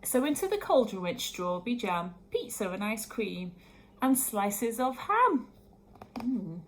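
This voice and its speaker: A woman's voice: on the high side, very animated, unhurried. A woman reading a rhyming children's picture book aloud expressively, adding her own comments. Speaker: storyteller.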